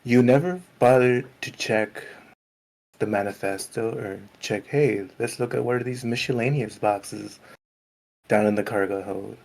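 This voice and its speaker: A man's voice: on the low side, vocal fry, darkish tone, rough recording. A man voicing a grumpy male adventurer who mocks the captain sarcastically. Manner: mocking, sarcastic.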